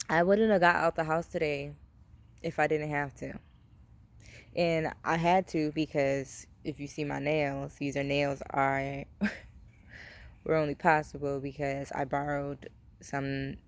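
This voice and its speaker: A woman's voice: deep voice, gravelly. A young adult woman talking casually to her camera, rambling with many fillers, cursing freely and speaking openly. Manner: open and confiding. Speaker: vlogger. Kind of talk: casual personal vlog talk.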